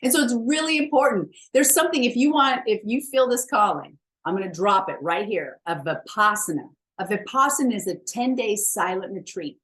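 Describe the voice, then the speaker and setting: A woman's voice: medium pitch, lively intonation, moderate pace, hardly any pauses, a bit bright. A woman wellness coach giving a chatty, emphatic motivational talk, blunt and self-mocking, with the odd swear word.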